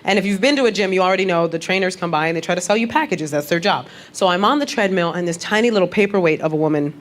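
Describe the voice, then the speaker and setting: A woman comedian telling brash, animated, streetwise stories in a stand-up set on a club stage. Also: on the low side, racing, slight background noise. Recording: live club with loud audience.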